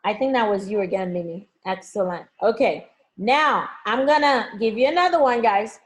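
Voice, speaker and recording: A woman's voice: mid-range voice, moderate pace. A woman teaching math in a live online review session, coaxing students with pet names and frequent check-ins. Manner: frequent check-ins like okay and all right.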